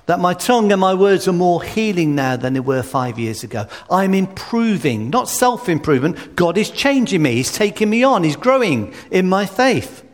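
A man's voice: high voice, sing-song, moderate pace, hardly any pauses. A man preaching a sermon, emphatic and full of rhetorical questions. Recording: reverberant hall.

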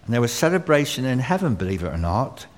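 A man delivers a sermon in an earnest, unpolished way, stumbling over words and restarting phrases. His voice sits at an ordinary middle pitch. It rings with the long reverb of a church hall. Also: big pitch swings, fast. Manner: earnest, with frequent fillers and restarts. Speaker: preacher.

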